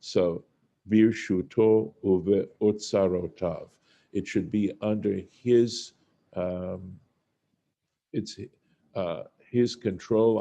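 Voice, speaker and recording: A man with a low, very dark and mellow voice leads a Torah study. He talks slowly and works through the text phrase by phrase, reading the Hebrew and then giving its meaning. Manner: unhurried, reads Hebrew and translates phrase by phrase. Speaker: Torah teacher. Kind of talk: verse-by-verse study lesson.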